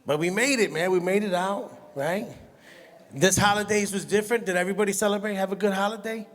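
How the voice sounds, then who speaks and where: A stand-up comedian, telling animated stories and laughing at his own jokes. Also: sits high, fairly quick. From Brooklyn, New York. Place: comedy stage in a hall. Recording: long hall reverb from a live venue.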